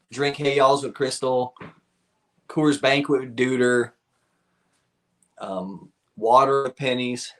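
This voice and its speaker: A man's voice: mid-range voice, takes it slowly, long pauses. A man hosting a live stream, chatting casually with viewers, rambling, laughing often and swearing freely.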